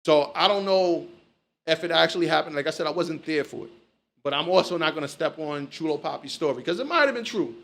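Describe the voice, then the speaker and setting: A man's voice: fairly high pitch, expressive, a little fast, creaky, a bit bright. A man hosting a casual chat, telling stories loosely and swearing freely. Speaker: podcast host.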